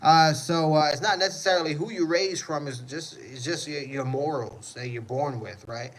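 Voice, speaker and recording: A man's voice: a little high, normal speed, fairly bright tone, low-quality recording. A man hosting a casual livestream, reading chat comments and answering in a rambling way, often repeating "you know what I mean".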